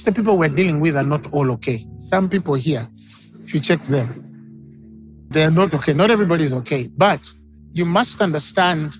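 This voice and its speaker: A man preaching a sermon as pastor, acting out the people in his stories. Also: on the high side. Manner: dramatic, acts out quoted voices.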